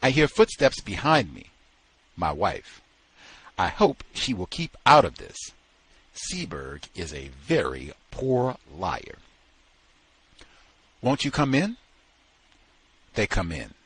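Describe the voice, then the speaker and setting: Slow, expressive male book reader. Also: deep voice, slightly rough, dry recording, rough recording. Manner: slow, dramatic, animated storytelling. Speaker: reader at a book study session. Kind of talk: reading a novel aloud.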